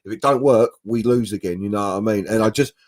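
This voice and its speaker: A man co-hosting a casual football chat, animated and chatty. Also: lowish voice, quick pace. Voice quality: animated, chatty, says mate and bro a lot. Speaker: podcast co-host.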